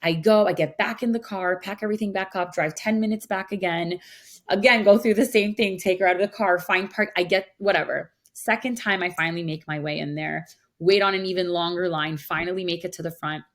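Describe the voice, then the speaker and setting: A woman with a notably low-pitched voice co-hosts a counseling podcast, chatting casually. She tells her story in an animated way, peppering it with "like". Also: brisk. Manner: animated, frequent "like" fillers. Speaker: podcast co-host, mental health counselor.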